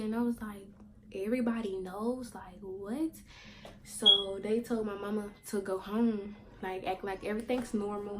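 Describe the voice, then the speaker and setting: A woman vlogger telling a personal story in a candid, slangy way, halting with fillers and repeats. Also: mid-range voice, slight background noise, poor audio. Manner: candid, slangy, sometimes swearing for emphasis; halting, with many fillers and repetitions.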